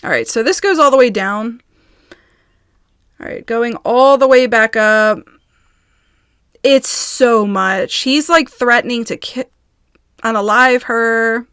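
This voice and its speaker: A woman vlogger in a casual video, reading messages aloud in quick bursts and breaking off in agitated, halting asides. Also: a little high, fairly bright tone, clean tone, no echo, studio quality. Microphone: phone.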